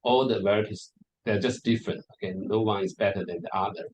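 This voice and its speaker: A hesitant man lectures at a conference on varieties of English, his lowish, slightly mellow voice moving a little fast and full of repeated words and fillers. The recording is rough.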